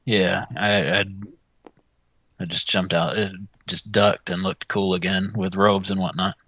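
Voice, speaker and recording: A man's voice: sits low, level tone, unhurried, fairly bright tone, no room sound. A man playing a tabletop game, hesitant and full of fillers. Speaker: player. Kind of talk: casual tabletop play.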